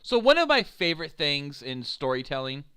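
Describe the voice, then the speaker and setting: Animated, playful podcast host man. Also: fairly high pitch, normal speed, clean tone, no echo, studio quality. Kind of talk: comedic casual chat.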